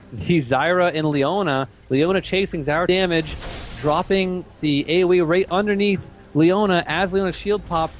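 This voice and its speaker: A man giving steady play-by-play commentary on a competitive video game match. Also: on the high side, slight background noise. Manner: rapid, steady play-by-play calling. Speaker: esports commentator.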